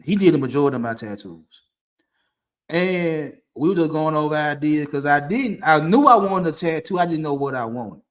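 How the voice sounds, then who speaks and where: A man's voice: on the high side, expressive, moderate pace. Man telling a story in a loose, rambling way. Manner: loose, conversational, with frequent restarts and laughs. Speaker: podcast host. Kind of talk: casual storytelling to camera. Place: dim room indoors. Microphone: streaming setup mic.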